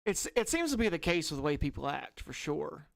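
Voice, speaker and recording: A man in casual podcast chat who stumbles and restarts often as he talks. His voice is slightly high for a man, and the sound is dry, with no room echo. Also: sing-song, brisk, creaky. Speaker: podcast co-host.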